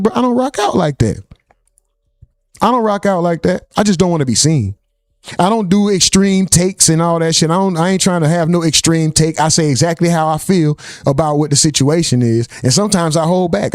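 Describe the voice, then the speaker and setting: A man's voice: on the high side, no echo, studio quality. A man hosting a live stream, chatting loosely with plenty of profanity and greeting viewers in the chat by name. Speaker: livestream host.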